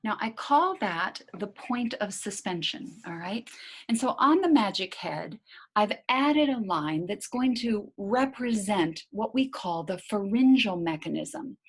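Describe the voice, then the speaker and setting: Breathy woman coaching a singing lesson. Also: medium pitch, a little slow. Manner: calm, coaching breath instructions. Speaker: singing teacher. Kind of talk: guided voice lesson.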